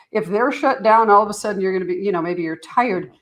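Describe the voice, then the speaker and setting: A middle-aged woman talking in a podcast interview as a guest expert, animated and acting out little dialogues. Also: mid-range voice, brisk. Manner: animated, acts out parent and teen dialogue.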